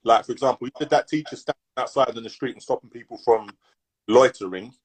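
A man, co-hosting a podcast in a laid-back, halting way full of slang and restarts. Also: mid-range voice, husky, poor audio. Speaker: podcast co-host. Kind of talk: casual chat.

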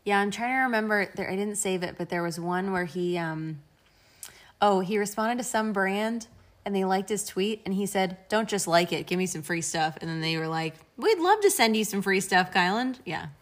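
A woman co-hosting a relaxed podcast chat, her voice sitting in the middle of the usual range. She reads tweets aloud with amused emphasis and laughs easily between lines. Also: mid-range voice, normal speed. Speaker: podcast co-host. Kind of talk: casual chat about a reality show.

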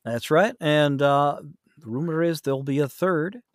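A man's voice: fairly high pitch, moderate pace, no room sound, studio quality. A man who narrates audiobooks, chatting casually in an interview, rambling with many fillers and restarts.

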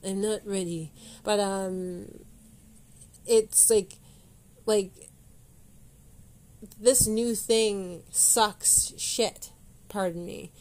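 A woman hosting her own motivational podcast, with a voice of middling pitch. She rambles and keeps correcting herself as she goes, speaking straight to the listener as though she were calling them out. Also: steady tone, drawn-out words, pauses often, darkish tone. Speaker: podcast host. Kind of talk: motivational solo podcast talk.

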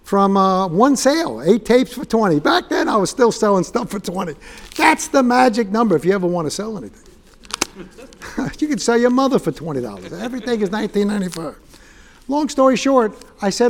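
Male guest preacher, high-pitched, storytelling sermon full of jokes and acted-out quotes. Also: very animated, a little fast. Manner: humorous, acts out quoted dialogue.

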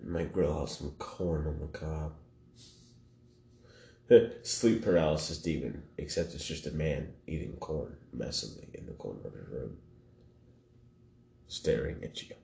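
A man co-hosting a podcast in casual banter, joking and deadpan, swearing freely. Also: extremely low pitch, a little slow, vocal fry, long pauses. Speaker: podcast co-host. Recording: echoey room with faint noise.

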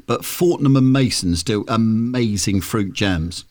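A man's voice: lowish voice, measured pace, darkish tone. A man, co-hosting a casual chat with a playful, teasing manner. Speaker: co-host.

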